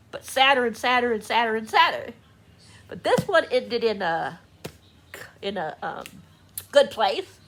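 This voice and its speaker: A woman chatting casually in a book vlog, gushing and excitable, laughing often, talking from a room at home. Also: medium pitch, slight background noise. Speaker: book vlogger. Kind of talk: casual reading vlog chat. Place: home room with door open.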